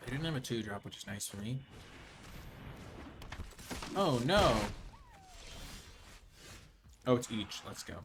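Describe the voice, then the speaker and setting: A man streaming a card game, talking low-key and joking, then breaking into loud theatrical cheers. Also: fast talker, a little hiss or hum. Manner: playful, jokey asides. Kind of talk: live game-stream commentary.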